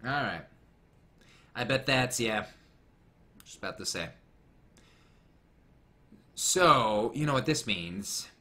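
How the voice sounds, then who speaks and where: Lively, bright-voiced rambling male commentator. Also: mid-range voice, slow, long pauses. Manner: rambling, jokey, goes off on tangents. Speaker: commentary host.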